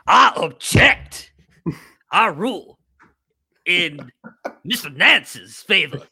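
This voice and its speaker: A man voicing a blustering male judge in a mock fantasy-football court, with a theatrical put-on accent and a husky voice. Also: high voice, sing-song, drawn-out words, sharp tone, heavily acted. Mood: indignant.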